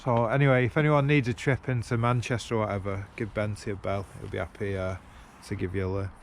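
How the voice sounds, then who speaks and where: A man's voice: lowish voice, little pitch movement, quick pace, vocal fry, a little hiss or hum. A man, chatting bluntly and swearing to a handheld camera outdoors while working on a car. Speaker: car vlogger. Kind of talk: casual swearing chat to camera. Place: outdoors beside a car at a roadside. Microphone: handheld camera on gimbal.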